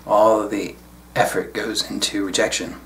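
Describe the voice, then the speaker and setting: A man speaking as a spiritual teacher in a solo video talk, reflective and unhurried with casual asides. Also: on the low side, little pitch movement, fairly bright tone, slight background noise.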